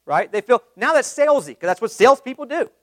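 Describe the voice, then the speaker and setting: Fast-talking high-voiced male sales trainer. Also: no echo. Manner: energetic, quizzes the audience with questions; acts out sample phone calls. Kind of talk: live training talk to a group.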